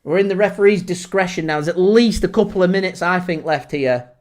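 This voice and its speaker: Calling a football match live for his fan channel's watchalong, a man with a voice high for a male moves fast from steady play-by-play to shouting and laughing in disbelief. He's excitable at the big moments.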